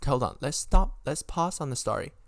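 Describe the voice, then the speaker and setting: A young man hosting a podcast, telling a story in an animated, swearing monologue full of sudden indignant jumps in pitch. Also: moderate pace, creaky, no echo. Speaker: podcast host.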